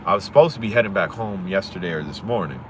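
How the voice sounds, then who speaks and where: A man from Pennsylvania talking fast and profanely on a casual livestream, swaggering and rambling, recorded on a phone outdoors. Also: low voice, animated, noisy background.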